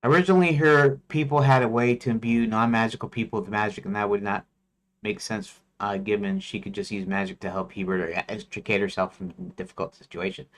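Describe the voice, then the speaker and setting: A man's voice: fairly low pitch, steady tone, fairly quick. A man who develops games, thinking aloud on a livestream and reading his story notes, hesitant and self-questioning. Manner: hesitant, many fillers and restarts, self-questioning. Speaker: game developer streamer.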